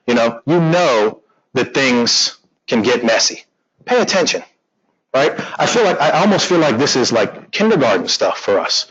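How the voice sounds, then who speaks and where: A man teaching a real estate class, animated and joking, acting out conversations with clients. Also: fairly high pitch, breathy edge, lo-fi sound. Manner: animated, joking, acts out quotes. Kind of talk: classroom training talk.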